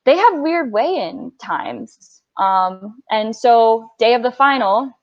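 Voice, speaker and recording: A woman's voice: a little high, takes it slowly. A young woman in her twenties talks casually on a podcast, telling a rowing story with lots of energy and acting out the voices of the people involved. The audio is dull and lo-fi. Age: 20s. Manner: animated storytelling, acting out quotes. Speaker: coxswain guest.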